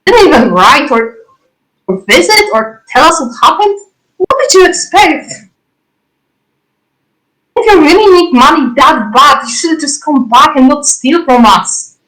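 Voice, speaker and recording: A woman's voice: high-pitched, expressive, unhurried, pauses often, a bit bright, pitched above the performer's own voice, low-quality recording. A woman voicing a nervous, angry man who scolds and accuses in a raised, exasperated tone.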